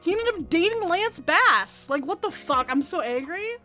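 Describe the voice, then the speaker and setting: A woman's voice: very high-pitched, very animated, moderate pace, pushed and bright, soft background music. A woman, a streamer telling stories in a rambling, profane, laugh-filled way. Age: 30s. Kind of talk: casual storytelling chat.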